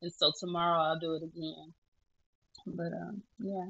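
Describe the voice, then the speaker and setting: Casual woman vlogger, bright tone, tearful laughs, lo-fi phone sound. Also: on the low side, little pitch movement, moderate pace, gravelly, slightly rough. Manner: chatty, self-mocking, laughing through tears. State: tearful at times. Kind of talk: casual selfie vlog.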